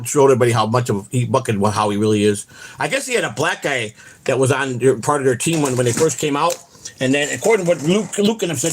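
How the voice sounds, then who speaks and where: A man's voice: mid-range voice, breathy edge. A middle-aged man hosting an online show, ranting in a rambling, profane, heated way. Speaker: host. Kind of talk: casual ranting chat.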